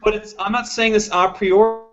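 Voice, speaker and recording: A man's voice: high-pitched, fairly even intonation, moderate pace. A man hosting a live political panel show, talking in an opinionated, emphatic and rambling way. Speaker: show host. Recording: lo-fi web stream audio.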